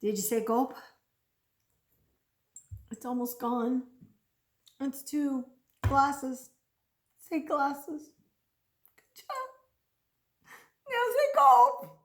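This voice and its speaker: A woman teaching a children's speech lesson, encouraging and slowly over-articulating each prompt. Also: high voice, animated. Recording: echoey room.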